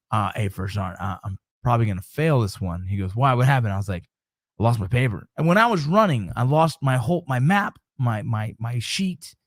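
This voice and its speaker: A middle-aged man hosting his show, telling a story in a casual, animated way, swearing often and acting out his own reactions. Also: mid-range voice, no echo, studio quality. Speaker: show host.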